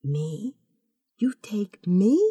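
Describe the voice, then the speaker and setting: A woman voicing an excitable young female friend who talks loudly and eagerly in a storybook tale. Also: mid-range voice, extremely slow, slightly rough, dry recording, heavily acted. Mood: awed whisper. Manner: excited, breaks into loud exclamations and whispers.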